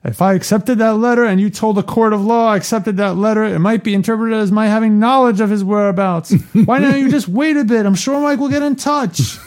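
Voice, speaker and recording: A man's voice: sits high, fairly quick, hardly any pauses, a little mellow, pitched above the performer's own voice, close to an everyday voice. A man voicing a cautious, evasive family lawyer in stiff legal phrasing.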